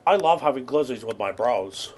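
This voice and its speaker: A young man giving rambling, absurd deadpan commentary while playing a video game. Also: medium pitch, normal speed, slight background noise. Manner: rambling deadpan non-sequitur jokes. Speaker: gaming streamer. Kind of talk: absurd comedic gameplay commentary.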